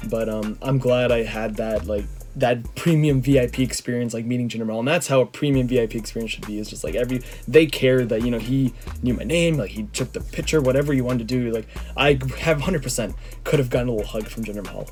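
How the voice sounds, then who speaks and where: A young man from Canada tells a story to his camera in an excitable, rambling way. He stumbles through fillers and restarts, his voice mid-pitched. Faint music plays underneath. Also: fast talker, few pauses. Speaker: vlogger.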